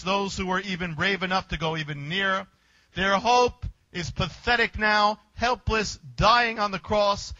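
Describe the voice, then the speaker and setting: A man's voice: sits high, sharp tone, no echo, highs cut off. A man preacher retelling a story vividly, with emphatic, short, punchy phrases. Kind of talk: dramatic sermon storytelling.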